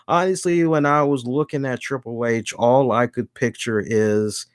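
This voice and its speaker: A man hosting a wrestling review show in a casual chat, animated and acting out the voices he quotes. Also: medium pitch, normal speed, clean tone, no room sound, studio quality.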